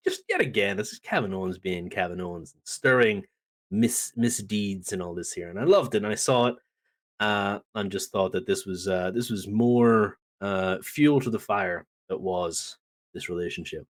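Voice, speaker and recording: Retelling a story with plenty of energy, this man co-hosts a podcast, casually recapping wrestling and voicing the quotes himself. His voice runs on the low side at a normal pace.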